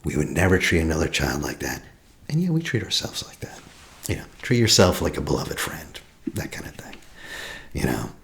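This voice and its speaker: A man in his forties, an attachment healing practitioner, giving a reflective teaching talk, asking questions and often dropping to a soft whisper. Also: rumbling low, wildly swooping pitch, normal speed, gravelly. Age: 40s.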